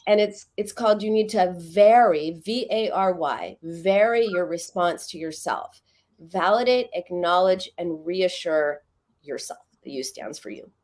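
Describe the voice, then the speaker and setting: A middle-aged woman, a psychoanalyst guest in an interview, explaining calmly and acting out little scenes as she talks. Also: fairly low pitch, measured pace. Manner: animated storytelling, acts out quoted voices. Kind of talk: interview conversation.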